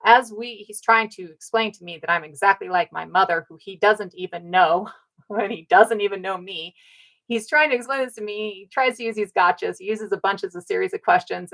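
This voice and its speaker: A woman's voice: mid-range voice, gravelly, pushed and bright, poor audio. A woman from North America giving an emphatic, casual talk, who repeats her points and keeps checking in with "right?". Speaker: speaker on ancestry and community.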